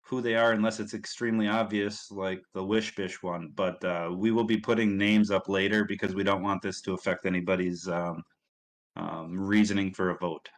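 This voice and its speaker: A man with a Midwestern accent hosts a casual livestream, his voice sitting a little low. He talks in an upbeat, rambling way, full of fillers and restarts. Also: little pitch movement, normal speed, rough recording. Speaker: stream host.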